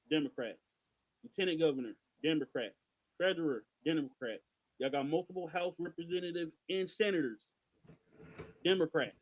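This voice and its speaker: A man with a somewhat raised pitch co-hosts a loose podcast conversation. He talks in an exasperated, emphatic rant, hammering his points home. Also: normal speed, pauses often, muffled recording. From Missouri. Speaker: podcast co-host. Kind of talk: casual podcast chat.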